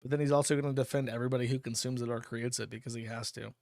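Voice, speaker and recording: A man's voice: medium pitch, steady tone, racing, vocal fry, a little mellow, dry recording, clean studio sound. Crude offhand man hosting a stream. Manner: blunt, crude and offhand, laughs often. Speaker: livestream host reading donations. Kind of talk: casual streaming commentary.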